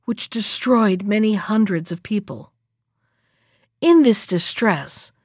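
A woman narrating a fairy tale aloud in a measured, unhurried reading. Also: medium pitch, no room sound, studio quality.

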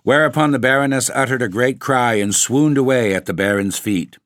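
A man narrating a classic story for a podcast, in a measured, wry storytelling manner. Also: medium pitch, fairly bright tone, no room sound, studio quality. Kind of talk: scripted ghost-story reading.

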